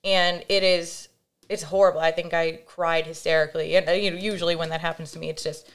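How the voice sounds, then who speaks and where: A woman's voice: sits low, a little fast. A young adult woman speaks as a podcast guest, recounting a personal experience frankly. She talks casually, with lots of "like" and "you know", and briefly acts out the voices of people in her story. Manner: animated, acts out quoted voices, frequent fillers. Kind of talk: candid conversational storytelling.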